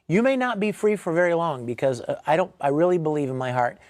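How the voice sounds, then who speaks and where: A man speaking earnestly about freedom, halting and repeating words as he goes. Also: on the high side, animated, darkish tone, dry recording.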